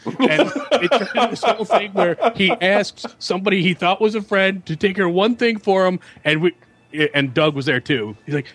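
A man's voice: fairly high pitch, brisk, fairly bright tone, no echo. A man telling a profane, rambling story to his friends, stumbling over repeated words. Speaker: podcast regular. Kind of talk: casual storytelling among friends.

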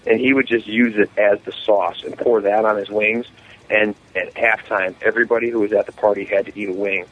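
A man with a fairly low voice tells rambling, profane party stories to his friends, jumping into other people's voices as he goes. The recording is muffled and lo-fi, with a faint hiss underneath. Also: a little fast. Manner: profane, rambling anecdotes with animated quoted voices. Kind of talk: casual storytelling among friends.

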